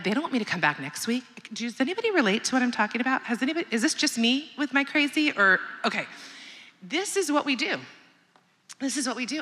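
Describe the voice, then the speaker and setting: A woman's voice: medium pitch, bright, forceful tone. A woman in her thirties giving a candid, conversational motivational talk to a mothers' group, often asking the audience questions. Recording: long hall reverb.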